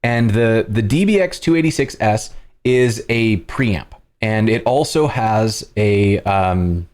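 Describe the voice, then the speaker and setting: A man hosting a livestream, explaining casually in a loud projected presenter voice with plenty of fillers, close on a compressed studio mic at home. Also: on the low side, animated, takes it slowly. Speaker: livestream host. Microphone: studio dynamic microphone with compression.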